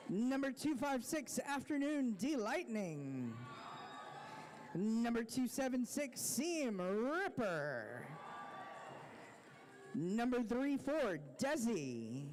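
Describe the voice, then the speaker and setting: A roller derby announcer introducing bouts and teams live in an easygoing, joking way, with many pauses. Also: medium pitch, darkish tone.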